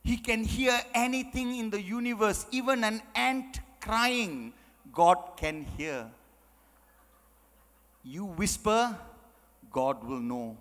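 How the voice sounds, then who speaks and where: A man's voice: high-pitched, slow pace, long pauses, a bit bright. A man quoting his devout mother as she earnestly insists to her son, in a talk recorded in a reverberant hall. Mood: insistent.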